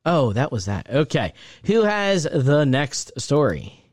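A man co-hosting a casual podcast, excitable and laughing often as he reads gaming news aloud. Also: on the high side, slow, no echo, clean studio sound. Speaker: podcast co-host.

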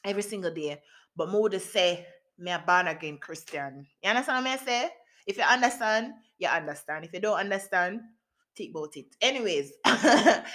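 A woman with a Jamaican accent hosting a podcast, telling a personal story in a lively, casual way with patois, laughing often. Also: medium pitch. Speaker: podcast host.

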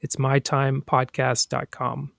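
A man hosting a podcast, reading a daily motivational passage aloud in a slow, deliberate way. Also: medium pitch, completely flat delivery, gravelly, a bit bright, no room sound, clean studio sound. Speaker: podcast host.

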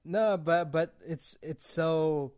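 A man's voice: fairly high pitch, slow, a little mellow, clean tone. A man hosting a podcast, chatting casually and enthusiastically with his guest and laughing often. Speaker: podcast host. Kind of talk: casual interview chat.

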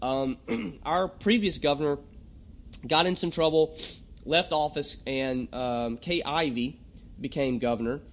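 A young adult man hosting a podcast, talking in a rambling, jokey monologue and often clearing his throat. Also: fairly high pitch, a little slow, fairly bright tone. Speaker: podcast host. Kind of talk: casual comedic monologue.

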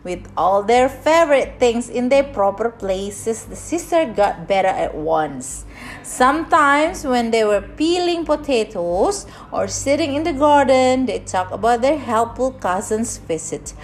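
A mother reading a picture book aloud to her child, slowly, stopping to explain things. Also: on the high side, lively intonation, slight background noise.

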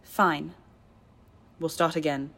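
A woman's voice: deep voice, fairly even intonation, slow, breathy edge, exaggerated voice. A woman reading as an indignant young woman. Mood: tight. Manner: tight, indignant, sharp delivery. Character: proud, stubborn young woman, quick to anger.

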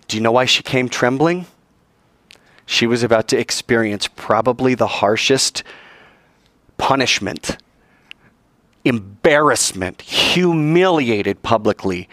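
A male preacher delivering a dramatic sermon, acting out the voices of the story and climbing high in pitch to stress his points. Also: a little slow, pauses often, fairly bright tone, no room sound. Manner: dramatic, acts out voices and soars in pitch for emphasis.

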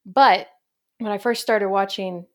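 A woman's voice: medium pitch, fairly even intonation, measured pace. Upbeat, chatty woman podcast host. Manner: chatty and upbeat, laughs easily. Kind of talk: casual podcast chat.

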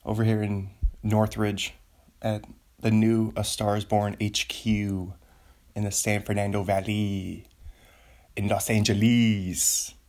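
Slow-talking excitable man hosting a podcast. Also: lowish voice. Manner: rambling, excitable, jokey. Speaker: podcast host. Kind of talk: solo podcast chat. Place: home studio.

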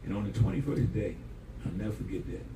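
A male pastor preaches with a lively, swooping delivery, folding humor and homespun stories into his sermon and calling on the congregation to answer. He is heard from some distance in a roomy, echoing space, with steady noise behind him. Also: on the low side, fast talker. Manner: animated storytelling with humor and call-and-response; folksy, uses "y'all". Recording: echoey room, voice from a distance, audible background noise.

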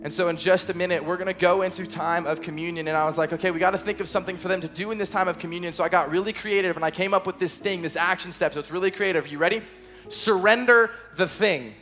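A man's voice: sits high, steady tone, rapid-fire, hardly any pauses, fairly bright tone, soft background music. A young man giving an earnest, conversational sermon as a youth pastor, with playful asides. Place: church auditorium, service also streamed online.

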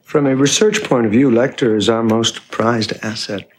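An actor playing a vain, smarmy male asylum doctor who talks in a smooth, condescending and flirtatious way. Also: mid-range voice, moderate pace, a little hiss or hum, natural voice. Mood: smug. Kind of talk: film dialogue.

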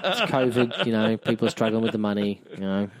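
A man's voice: lowish voice, lively intonation, fast talker, dry recording. A tipsy man co-hosting a podcast in a casual chat, rambling and slurring his words with many fillers. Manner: rambling, slurring after drinks, lots of fillers. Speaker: podcast co-host.

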